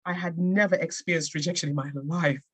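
A lowish, steady voice, slightly fast and a bit bright with a breathy edge, belongs to an English woman guesting on a podcast. She is an author relating her own story, reflective and earnest, frequently starting over.

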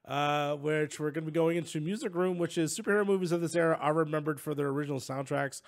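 Jokey man with a creaky voice. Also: fairly high pitch, fast. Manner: jokey, laughing often. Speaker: podcast co-host. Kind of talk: casual chat.

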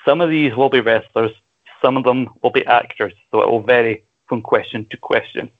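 A man's voice: mid-range voice, moderate pace, phone-quality sound. A Scottish man hosting a casual podcast quiz, joking crudely and explaining the rules at length. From Scotland. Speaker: quiz host.

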